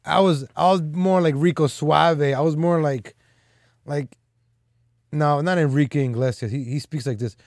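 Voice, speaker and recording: Speaking at a moderate pace with a darkish tone and a pitch a little above the usual male range, this live stream host delivers off-the-cuff, rambling commentary. He leans on "like" and "man," drifting into teasing and boasting. The sound is close and dry, without room echo.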